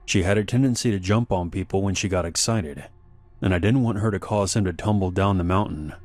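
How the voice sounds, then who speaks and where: A man narrating an animated horror story in a measured, slow storytelling manner. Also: low-pitched, no echo. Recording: faint background music.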